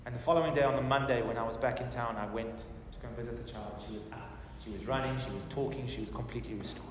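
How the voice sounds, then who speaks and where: A middle-aged man, a pastor, telling a testimony in a sermon with animated storytelling that swings from loud to soft. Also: medium pitch, fast talker, slight background noise. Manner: animated storytelling, rising and falling in volume. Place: church hall. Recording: roomy hall reverb, distant mic.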